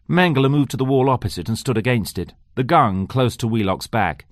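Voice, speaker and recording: A man's voice: medium pitch, expressive, no room sound, studio quality. Man reading a tense thriller audiobook. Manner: measured, tense storytelling. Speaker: audiobook reader. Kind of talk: scripted audiobook narration. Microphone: close studio mic.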